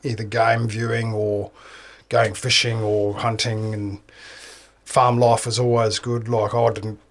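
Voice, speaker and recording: Laid-back South African man, gravelly and flat. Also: lowish voice, unhurried. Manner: relaxed, answers in short trailing phrases. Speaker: guest. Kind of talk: casual chat. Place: sauna.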